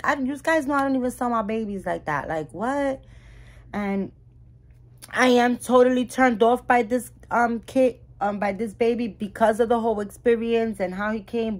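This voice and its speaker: A woman vlogging about her reborn dolls, telling a story in a chatty, animated way with many restarts and asides to viewers. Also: fairly high pitch. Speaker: doll collector YouTuber. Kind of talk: casual vlog storytelling.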